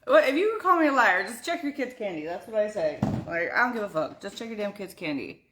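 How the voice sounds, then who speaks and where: Very animated and fast-talking, a young woman from the US streams live from home, answering her chat by name with blunt, profane casualness. Her voice is medium-pitched, and background noise is audible.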